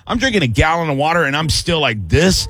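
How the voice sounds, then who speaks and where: A man's voice: on the high side, fast. A middle-aged man hosting a call-in radio show and doing stand-up-style banter, joking and whining on purpose. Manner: animated, joking, whines on purpose. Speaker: radio show host and comedian.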